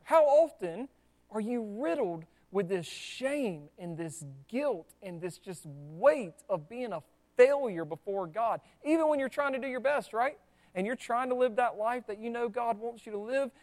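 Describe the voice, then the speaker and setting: A man preaching a sermon in a conversational, animated way, with asides to the congregation. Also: very high-pitched. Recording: long church hall reverb.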